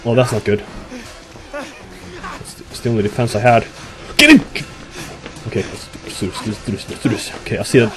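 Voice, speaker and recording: A man's voice: on the low side, steady tone, brisk, pauses often, soft background music. A young man giving nervous commentary on a horror game, swearing and talking to himself and to the characters. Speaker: gamer. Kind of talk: horror let's play commentary.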